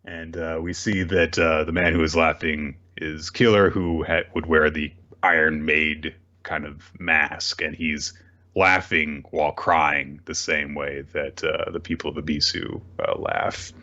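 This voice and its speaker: A man's voice: rumbling low, level tone, measured pace, pushed and bright, dull audio. A man hosting a podcast, recapping a comic casually with fillers and the odd swear word. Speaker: podcast host.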